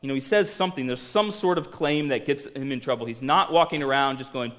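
A man preaching a sermon, animated, dropping to hushed tones for emphasis and acting out quoted voices. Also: mid-range voice, fairly quick, hardly any pauses. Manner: animated, swings between loud emphasis and hushed lines. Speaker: pastor.

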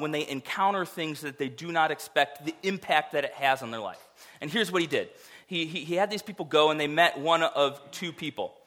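Bright-voiced male pastor preaching. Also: on the high side. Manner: conversational, animated preaching with rhetorical asides. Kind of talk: sermon.

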